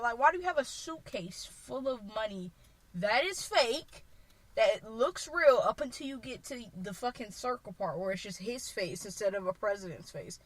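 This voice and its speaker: Animated young woman chatting casually. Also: on the high side, normal speed, no room sound, poor audio. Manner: animated, swearing, acts out quotes loudly. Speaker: podcast co-host. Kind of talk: casual chat.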